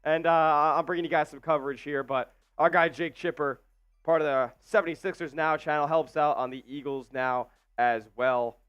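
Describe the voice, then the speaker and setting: A man's voice: a little high, steady tone, normal speed, fairly bright tone, clean tone, no echo. A man co-hosting a live sports stream, joking around and reading viewer comments aloud. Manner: jokey, reads chat messages aloud. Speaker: stream co-host. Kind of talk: casual live stream chat.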